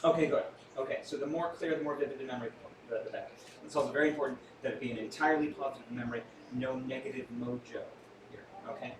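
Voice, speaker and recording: A man with a mid-range, steady voice performs stage mentalism live at a quick pace, keeping up theatrical, playful patter and tossing jokes to a small audience. The room echoes, he's far from the mic, and audience noise carries through.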